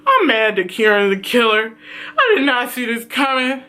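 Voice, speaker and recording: Give me an excitable woman with a high, bright voice recapping a TV episode. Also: normal speed. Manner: excitable, profane, dramatic storytelling. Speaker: TV series reviewer. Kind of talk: animated casual episode recap.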